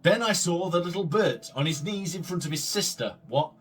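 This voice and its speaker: A man's voice: sits high, animated, normal speed, a bit bright, slight background noise. A man hosting a gaming video, reading story text aloud with sweary, sarcastic disbelief. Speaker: gaming host.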